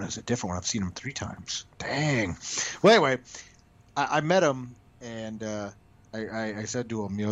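Heard through dull, lo-fi audio, this man speaks in a fairly low, slightly bright voice. He's a comic book writer telling stories during a casual interview, lively in delivery and prone to restarts and stammered repetitions.

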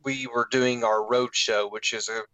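A man's voice: medium pitch, steady tone, normal speed, bright, forceful tone, no room sound, poor audio. A man who is a guest author on a show, chatting and telling stories with a laugh. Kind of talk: casual interview chat.

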